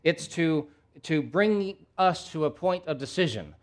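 A pastor preaching a sermon, moving between quiet low asides and loud emphatic questions, and reading scripture aloud briskly. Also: male voice, lively intonation.

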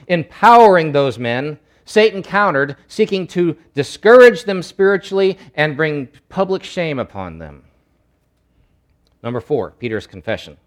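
A man preaching a sermon, emphatic, swinging from loud bursts to low asides and acting out quoted voices.

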